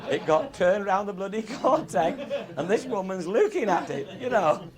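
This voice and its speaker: A man's voice: sits high, lively intonation, moderate pace, very noisy. A middle-aged man, telling comic stories to a live audience in an earthy, swearing manner and chuckling along. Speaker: raconteur.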